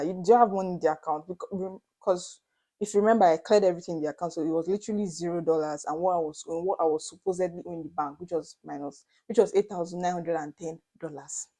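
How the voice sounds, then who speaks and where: A young Nigerian woman vlogger retelling a story to her viewers in an animated, dramatic way, slipping into Pidgin asides. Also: medium pitch. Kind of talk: storytelling to camera.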